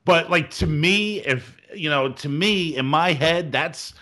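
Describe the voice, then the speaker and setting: A man's voice: on the high side, slow pace, pushed and bright. A man hosting a movie podcast, casually asking the others questions and steering the discussion. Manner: steers the talk, asks questions. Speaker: podcast host. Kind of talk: casual movie review chat.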